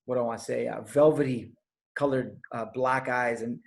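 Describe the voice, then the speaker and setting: A man's voice: medium pitch, steady tone, normal speed, gravelly. A man giving a motivational talk over a video call, conversational and full of stories, with fillers. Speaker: speaker.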